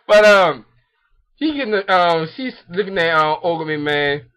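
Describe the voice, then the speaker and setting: A man's voice: high voice, expressive, normal speed, bright, forceful tone, clear, resonant tone. A young man casually recapping an anime episode in a rambling way, with lots of ums, restarts and frequent laughs. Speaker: anime reviewer. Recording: dull lo-fi recording.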